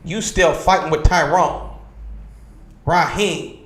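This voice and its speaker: A man's voice: on the high side, slow pace, fairly bright tone, reverberant. A man teaching a religious class in a preaching style, emphatic and insistent, asking his listeners whether they understand. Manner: emphatic, constantly asks "you understand?" and says "man". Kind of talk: preaching lecture to a streamed class. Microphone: livestream computer mic.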